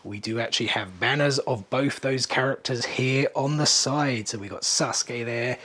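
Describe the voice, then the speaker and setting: Excited, breathless man touring a hotel room. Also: medium pitch, normal speed. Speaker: vlog host. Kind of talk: casual room-tour vlog.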